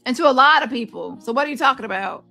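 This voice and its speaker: Blunt scolding woman with bright voice. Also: high voice, lively intonation, fast talker, creaky, faint music behind. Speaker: commentary YouTuber. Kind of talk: casual commentary.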